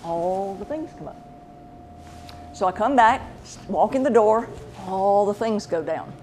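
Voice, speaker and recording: A woman's voice: medium pitch, measured pace, a crowd in the background. A woman telling a personal story in a casual way, acting out the voices of the people she quotes. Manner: animated, acts out quoted voices. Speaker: pet medium, show host.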